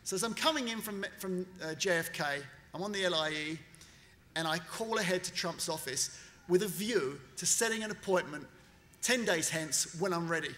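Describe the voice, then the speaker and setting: A man tells a story at a graduation ceremony, his voice high and bright, with a long hall reverb trailing each phrase. He is an animated storyteller who slips into the voices of the people he quotes. The sound comes from a podium microphone. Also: moderate pace. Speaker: commencement speaker. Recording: long reverb of a large venue.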